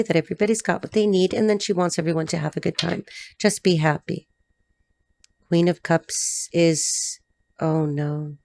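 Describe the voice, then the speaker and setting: Blunt, excitable woman reading tarot. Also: lowish voice. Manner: blunt, excitable, swearing, talks to the cards. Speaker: tarot reader. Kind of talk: casual tarot reading to camera. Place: dim room indoors.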